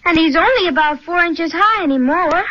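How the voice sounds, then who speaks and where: A woman's voice: very high voice, fairly quick. An earnest little girl. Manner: earnest, pleading. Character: earnest, sweet young girl. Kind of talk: 1930s radio acting. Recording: dull lo-fi old radio recording.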